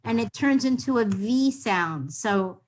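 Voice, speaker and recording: A woman's voice: on the high side, expressive, measured pace. A woman teaching a beginners' Hebrew class over a video call, explaining patiently.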